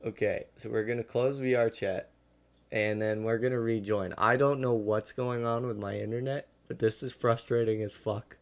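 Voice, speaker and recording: A man's voice: mid-range voice, fairly even intonation, moderate pace, a little hiss or hum. A young man hosting a podcast in casual chat, who swears a lot and gets frustrated easily. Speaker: podcast host.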